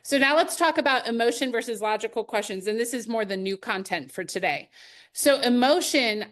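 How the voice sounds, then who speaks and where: A woman's voice: on the high side, lively intonation, fairly quick, fairly bright tone. A middle-aged woman leading a live sales training webinar, upbeat and conversational, with personal anecdotes and light laughs.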